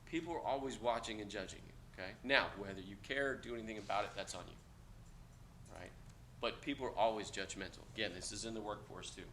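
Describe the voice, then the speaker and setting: A man lecturing a class of cadets, blunt and joking, with loud outbursts. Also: fairly low pitch, a little fast, a little hiss or hum. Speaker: instructor.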